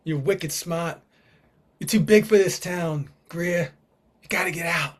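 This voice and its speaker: A man's voice: on the high side, unhurried. A man putting on a clumsy accent to voice a brash young man from a film. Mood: teasing.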